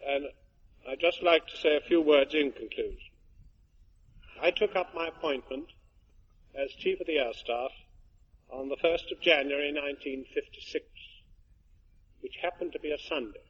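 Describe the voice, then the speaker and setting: An older retired air force officer giving a tribute speech, telling anecdotes with genial, dry humour to an audience. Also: male voice, a little high, moderate pace, pauses often, husky. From England. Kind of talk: after-dinner speech with anecdotes. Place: hall with an audience. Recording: muffled archive recording with faint hiss.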